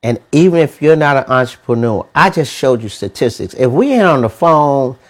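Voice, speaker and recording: A man giving a motivational money talk, animated and preachy, with lots of rhetorical questions and slangy, casual phrasing. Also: medium pitch, normal speed. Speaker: money mentor.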